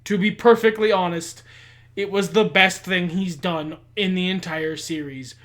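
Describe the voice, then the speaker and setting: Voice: medium pitch, steady tone, measured pace, a bit bright. A podcast co-host in casual chat, blunt and opinionated, swearing freely and often laughing. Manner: laughs often while talking.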